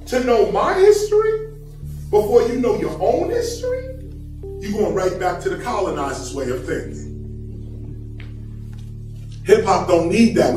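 A man's voice: sits high, darkish tone. A man giving a public lecture to an audience in an emphatic, preaching manner, chuckling between points. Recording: echoey hall from far off, faint music.

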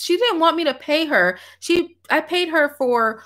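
Woman, livestream host, slangy, animated, lots of laughs, higher voice. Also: measured pace. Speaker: doll artist chatting with livestream viewers. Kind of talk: casual livestream chat. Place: home office.

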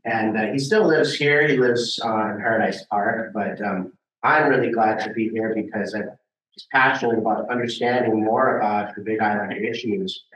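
A man's voice: lowish voice, normal speed, a bit bright. Hawaii guy giving a slide talk, lots of ums, roomy meeting room sound. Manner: casual, hesitant with many fillers. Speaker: think tank speaker. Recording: roomy and distant from the mic.

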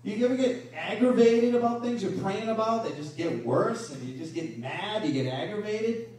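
Male pastor, high voice, lively sermon delivery, distant mic in a very roomy hall. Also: moderate pace. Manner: animated preaching with rhetorical questions. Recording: echoey room from a distance.

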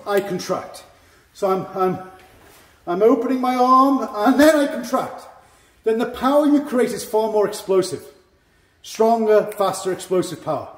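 A man with a high voice teaches a karate class, talking through moves as he shows them. His manner is chatty and light, with self-mocking asides. The sound is echoey, as in a large training hall. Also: darkish tone. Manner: chatty, explains with demonstrations, self-deprecating jokes. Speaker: karate instructor. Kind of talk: dojo class explanation.

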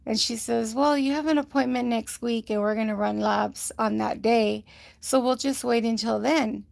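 A woman's voice: on the high side, steady tone, moderate pace, gravelly, darkish tone, no room sound. A woman giving a rambling, casual health update to livestream viewers, often quoting others and using many fillers, a little short of breath. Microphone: phone.

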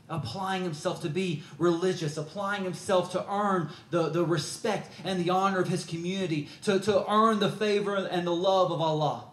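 A man's voice: high-pitched, fairly even intonation, normal speed, few pauses. Storytelling preacher, man, earnest and conversational, roomy hall sound. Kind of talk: sermon.

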